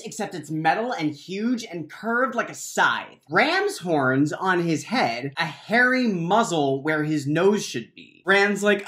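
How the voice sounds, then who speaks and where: A woman narrating a book recap with snark and a playful, chatty delivery. Her pitch swings widely as she tells the story. She sounds casual and amused, like she is talking to friends. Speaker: host.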